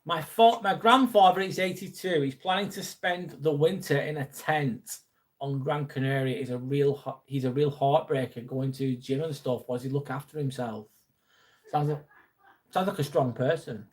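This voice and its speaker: A man's voice: fairly high pitch, normal speed. A young man, chatting bluntly on a live stream, reading and answering viewer comments and swearing freely. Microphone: phone.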